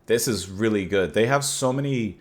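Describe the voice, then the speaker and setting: A man's voice: on the low side, moderate pace. A man hosting a casual music reaction, thinking aloud enthusiastically with many fillers and restarts, and reading song lyrics aloud with feeling.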